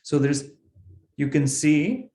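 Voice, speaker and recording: A man's voice: fairly high pitch, expressive, takes it slowly, warm tone, reverberant. A man teaching a Sanskrit text in an online class, explaining step by step in a patient way.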